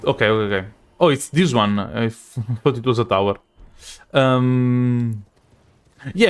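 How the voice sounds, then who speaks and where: Young Italian male streamer, heavy Italian accent, mid-pitched and smooth, loose chatty live commentary. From Italy. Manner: rambling, self-correcting, chatty with chat.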